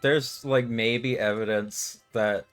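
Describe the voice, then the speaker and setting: A man's voice: medium pitch, steady tone, takes it slowly, smooth, soft background music. A young man in casual chat who talks hesitantly, trailing off while searching for words.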